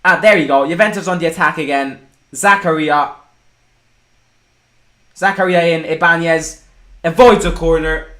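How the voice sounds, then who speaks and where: A young man hosting a live football watchalong, excitable, breaking into shouts and swearing. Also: fairly high pitch, normal speed, long pauses. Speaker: fan channel host.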